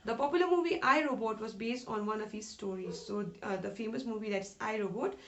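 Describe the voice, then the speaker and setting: A woman's voice: medium pitch, brisk, fairly bright tone, highs cut off. A woman teacher explaining a story line by line to schoolchildren, rephrasing each sentence and asking questions aloud with frequent "uh" fillers. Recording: echoey room with faint noise.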